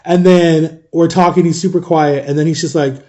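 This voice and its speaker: Warm-voiced man telling a storytime vlog. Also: on the high side, moderate pace. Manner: animated retelling, keeps quoting both sides of a conversation. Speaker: vlogger telling a personal story. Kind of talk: casual storytime.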